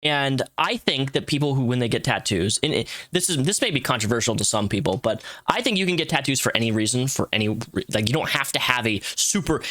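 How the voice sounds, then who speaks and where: Guy in his 30s doing a rambly commentary vid, bright tone, lots of ums and restarts. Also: mid-range voice. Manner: rambling, animated, frequent restarts and fillers. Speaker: commentary youtuber. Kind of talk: casual commentary.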